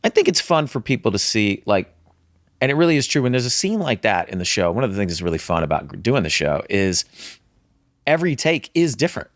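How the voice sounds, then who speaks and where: A man co-hosting a podcast in casual chat, animated and repeating words as he thinks. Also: fairly low pitch, brisk, no echo, studio quality. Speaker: podcast co-host.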